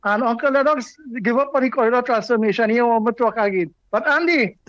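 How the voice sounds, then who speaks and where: Brisk Trinidadian woman on phone. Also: fairly high pitch, no room sound. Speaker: caller. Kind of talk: call-in radio chat. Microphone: telephone. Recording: muffled phone line with faint music.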